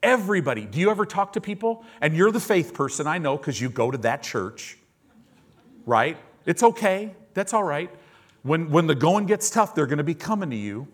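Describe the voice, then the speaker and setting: Male pastor, sermon, lively pitch, loud emphatic peaks, hushed low passages. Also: normal speed, breathy edge. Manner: animated preaching, swings from loud emphasis to hushed low tones.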